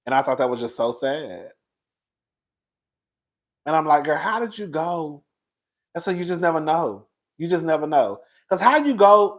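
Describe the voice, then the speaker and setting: A man in his forties hosting his own commentary channel, talking to viewers in a sassy, emotional, gossipy casual chat. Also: a little high. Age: 40s.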